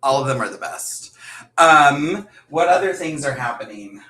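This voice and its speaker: A man with a bright, forceful voice hosts a relaxed livestream from a room in a house. He tells stories with energy, acting out what people said and breaking into laughter, his pitch sitting a little high for a man. The sound bounces around an echoey room. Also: a little slow. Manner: animated storyteller who acts out quotes and laughs often. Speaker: host. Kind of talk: casual chat on a livestream.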